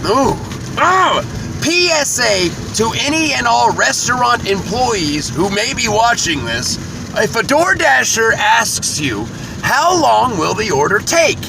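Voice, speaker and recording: A man with a fairly high voice that swings widely, narrating his delivery shifts as a casual vlog. He talks in a hyped, jokey, storytelling way. Steady road noise from the car comes through clearly behind him. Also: slow pace. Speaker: delivery driver vlogger. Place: inside a car.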